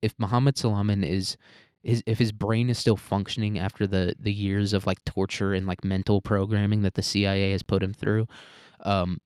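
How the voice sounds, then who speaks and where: Sarcastic, profane man, low and dry. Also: flat delivery, moderate pace, a little mellow, smooth, dry recording. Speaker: podcast host. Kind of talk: solo commentary podcast.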